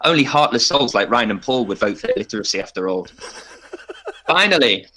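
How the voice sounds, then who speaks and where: A man on a podcast giving a playful, tongue-in-cheek pitch and laughing often. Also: big pitch swings, normal speed, bright, forceful tone. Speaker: podcast panelist. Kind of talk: mock campaign pitch.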